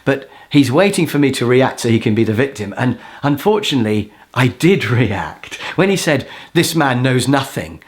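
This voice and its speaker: A man teaching a course, telling a personal story in a self-mocking, animated way and acting out what people said. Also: mid-range voice, normal speed, hardly any pauses. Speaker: course instructor. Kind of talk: storytelling lesson.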